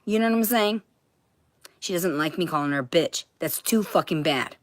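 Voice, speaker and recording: A woman talking to camera in a heated, profane monologue that keeps bursting into shouting. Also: lowish voice, lively intonation, normal speed, no echo, studio quality.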